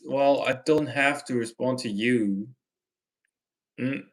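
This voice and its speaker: A man with a Malaysian English accent, reading chat messages aloud on his livestream and answering them in a gently lecturing way. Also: medium pitch, slow pace, gravelly. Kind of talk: casual live chat Q&A.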